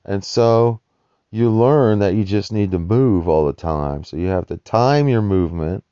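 A man's voice: lowish voice, unhurried, warm tone, clean tone, dry recording, dull audio. A man ranting in a rambling, profane monologue about life as a nomadic homeless person. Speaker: vlogger describing homeless life.

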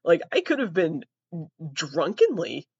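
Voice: medium pitch, wildly swooping pitch, unhurried, vocal fry, slightly rough, no room sound. A young adult trans comedy podcaster telling stories in a profane, rambling, self-mocking way. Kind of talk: comedic storytelling. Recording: dull, dry lo-fi audio.

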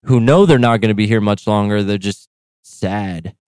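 A man's voice: fairly low pitch, normal speed, a little mellow, clear, resonant tone, dry recording. A man co-hosting a podcast in a laid-back, profane, casual chat. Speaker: podcast co-host.

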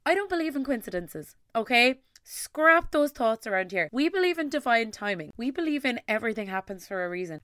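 An Irish woman hosting her own podcast, talking alone in an excitable, gushing way and rushing her words out in bursts. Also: a little high, no room sound, clean studio sound. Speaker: podcast host. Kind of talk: solo podcast intro monologue.

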